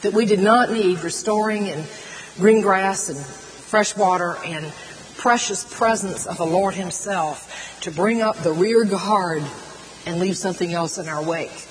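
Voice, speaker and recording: A middle-aged woman preaching a sermon, earnest and animated, stretching out words for emphasis. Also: on the low side, unhurried. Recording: long hall reverb, faint noise.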